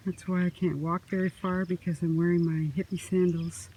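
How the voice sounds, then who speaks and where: A woman vlogging casually as she walks outdoors along a quiet country road, talking in a soft, musing way into a handheld phone. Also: fairly low pitch, level tone, slight background noise, rough recording. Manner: slow, soft-spoken, musing. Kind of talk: casual walking vlog. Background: faint crickets and birds.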